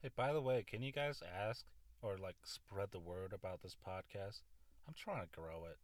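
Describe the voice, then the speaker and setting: A man's voice: low voice, lively intonation, normal speed, dry recording. A young man hosting a solo podcast, rambling and self-mocking, swearing often into a close mic. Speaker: podcast host.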